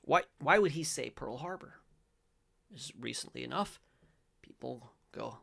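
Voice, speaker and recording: A middle-aged man hosts a faith-based commentary, his voice deeply gravelly and full of fry. He rambles and corrects himself mid-sentence, then breaks into loud, emphatic bursts. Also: moderate pace. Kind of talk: casual commentary, reading aloud and reacting.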